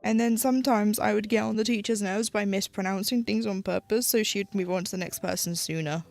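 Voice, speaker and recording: Chatty British woman with a gravelly voice. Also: medium pitch, steady tone, fairly quick, a little mellow, soft background music. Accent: British English. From United Kingdom. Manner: chatty, rambling, with frequent "like" and restarts. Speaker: streamer. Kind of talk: casual chat while stitching on a live stream.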